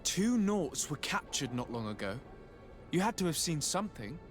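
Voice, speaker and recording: An actor playing a composed young male noble envoy in a game, speaking in a measured, questioning way. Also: fairly high pitch, big pitch swings. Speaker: player character. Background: faint game music.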